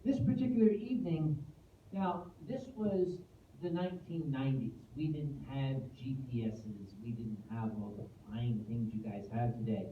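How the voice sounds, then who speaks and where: A middle-aged man spins comic stories for a convention crowd, acting out each character and dropping deadpan asides. He is recorded from a distance in a roomy hall, and the sound is dull and muffled. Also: mid-range voice, measured pace, a little hiss or hum. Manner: animated, acts out dialogue, deadpan asides. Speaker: convention guest speaker. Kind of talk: comic storytelling speech to a live audience. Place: convention room, in front of an audience.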